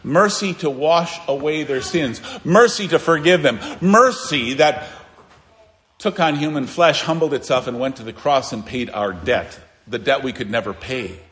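A man preaching a sermon as a pastor, earnest and emphatic, swinging between raised declarations and quiet, low asides. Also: a little slow, a little hiss or hum. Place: church sanctuary. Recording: long reverb of a church hall.

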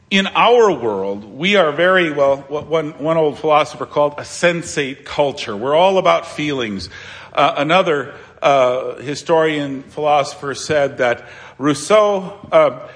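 A man preaching a sermon as pastor, conversational and halting, with many restarts and fillers. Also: on the high side, fairly bright tone. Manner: conversational preaching, explaining scripture.

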